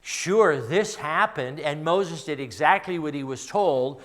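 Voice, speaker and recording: A middle-aged man with a Midwestern American accent preaching a sermon in a church, telling stories in a conversational way and dropping to a hush for personal moments. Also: fairly high pitch, lively intonation, unhurried. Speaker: pastor. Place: church sanctuary.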